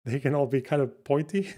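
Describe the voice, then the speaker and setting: A man hosting a livestream chats casually, reacting to chat and clips in a mellow, medium-pitched voice at normal speed. He's animated and incredulous, swearing freely and restarting his sentences as he thinks out loud.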